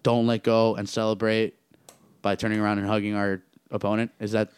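Young male host, relaxed slang-heavy talk, low-ish voice, dry sound. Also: a little fast, clear, resonant tone, dry recording. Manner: laid-back, slangy, says "bro" and "man" a lot, laughs often. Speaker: podcast host. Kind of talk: casual chat.

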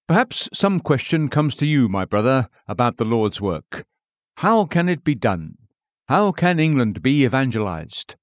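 A man reading an old sermon in an earnest, measured way. His pitch rises and falls in a lively, expressive line. The sound is close and dry, with no room around it. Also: no echo. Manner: measured, earnest, rhetorical questions. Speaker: preacher. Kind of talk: read-aloud sermon.

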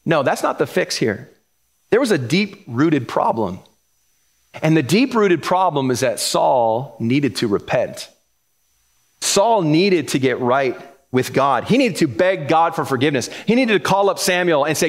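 A pastor preaching a conversational sermon, animated, often acting out quoted voices and repeating words as he builds a point. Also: on the high side, a little slow.

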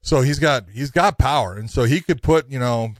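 A middle-aged man co-hosting a casual fight talk show, an animated storyteller who breaks into laughs as he tells a tale. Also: mid-range voice, normal speed, no room sound. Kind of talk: casual chat and fight analysis.

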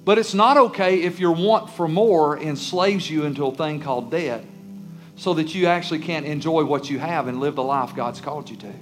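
A man's voice: on the high side, normal speed, faint music behind. A man preaching a sermon as a pastor, emphatic, sometimes acting out the pleading voices of churchgoers and children. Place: church sanctuary.

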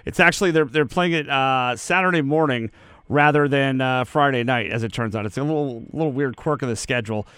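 Male sports co-host, emphatic and excitable, smooth resonant voice, dry sound. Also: medium pitch, no room sound. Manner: animated, emphatic, quick to rant and laugh. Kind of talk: casual sports talk.

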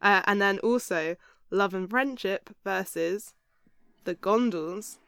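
A young woman with a southern English accent co-hosts a podcast, chatting in a relaxed way with quick asides. Her voice is smooth and clear, recorded dry and close. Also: medium pitch, dry recording. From southern England. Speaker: podcast co-host. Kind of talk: casual chat.

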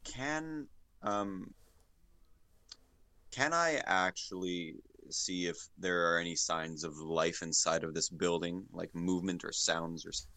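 A very deep-voiced man with a gravelly, creaky tone joins in a tabletop game as a player. He stumbles and restarts often in casual chat. His words come slow and halting. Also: bright, forceful tone. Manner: hesitant, stammering, lots of restarts.

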